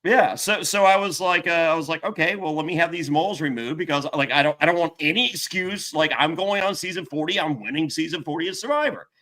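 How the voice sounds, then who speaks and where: A middle-aged man hosting a podcast, telling a story in a rambling, profane, excitable way with many restarts. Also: on the high side, fast, few pauses, poor audio. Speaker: podcast host. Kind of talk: casual storytelling chat.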